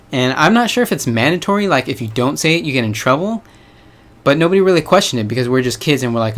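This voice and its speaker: A man's voice: fairly high pitch, expressive, fast. A young man from the United States talking casually to his viewers, rambling with hedges and slang. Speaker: vlogger. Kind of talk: casual vlog monologue.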